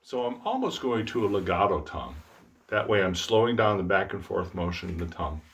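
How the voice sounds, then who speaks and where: A middle-aged man with a fairly low voice gives a trombone lesson. He talks in an easygoing, self-deprecating way and breaks off to voice tonguing syllables as he demonstrates them. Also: fairly quick. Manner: relaxed, self-deprecating, speaks out articulation syllables. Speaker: trombone teacher. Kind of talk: instructional demonstration.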